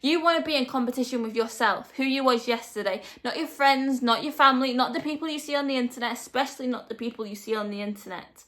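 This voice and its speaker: A young woman with a bright, clear, fairly high voice gives motivational advice to camera. She talks earnestly and directly, leaning on repetition to drive each point home. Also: quick pace, hardly any pauses. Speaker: vlogger.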